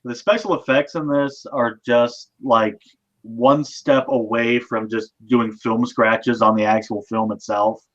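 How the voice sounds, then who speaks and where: A man guest in a casual movie chat, relaxed and chuckling, often repeating words as he goes. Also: mid-range voice, unhurried, muffled recording.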